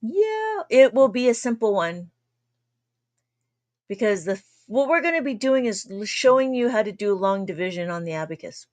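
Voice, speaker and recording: A very animated woman with a voice on the high side teaches abacus long division in a chatty livestream lesson. She laughs frequently while working to temper how fast she normally speaks.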